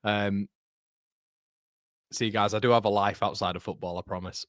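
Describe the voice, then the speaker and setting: A man's voice: lowish voice, fairly even intonation, normal speed, dry recording, clean studio sound. A young man hosting a live football watchalong, chatty and casual, who keeps breaking into giggles. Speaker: host.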